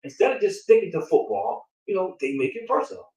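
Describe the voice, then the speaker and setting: A man speaking, his voice a touch high, talking with energy and piling up rhetorical questions. He sits back from the microphone, and the room rings around him. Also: fast, distant mic. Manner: animated, repetitive, rhetorical questions. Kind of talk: casual conversation. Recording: roomy sound from off the mic.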